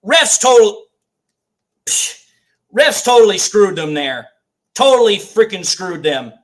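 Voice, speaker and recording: At a fan watch party, a man does live play-by-play of a football game in a high-pitched, sing-song voice, speaking slowly. He rants and swears, repeating his complaints again and again.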